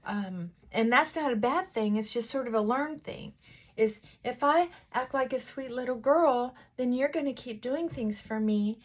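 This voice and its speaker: A woman vlogger chatting casually while getting ready, talking things through in a thoughtful, unhurried way with frequent pauses and fillers. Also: on the high side. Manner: unhurried, reflective, thinking aloud.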